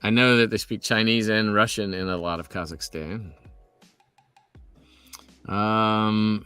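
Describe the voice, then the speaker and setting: A man's voice: on the low side, fairly even intonation, takes it slowly, pauses often, a bit bright, smooth, faint music behind. A man who voices characters, chatting casually at a fan signing, reading out questions with wry, joking asides. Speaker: voice actor at a fan autograph signing.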